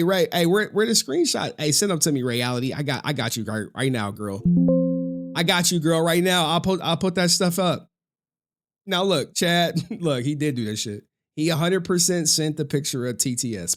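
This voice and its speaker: A man streaming reaction commentary in an animated, profane way, often breaking into laughter. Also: fairly high pitch.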